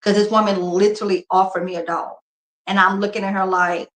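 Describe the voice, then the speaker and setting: A woman's voice: medium pitch, level tone, fairly quick, a bit bright. A woman in her forties talking candidly and emotionally to her viewers while grieving, her voice subdued. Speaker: couponing vlogger. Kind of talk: casual live chat with viewers. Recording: echoey room.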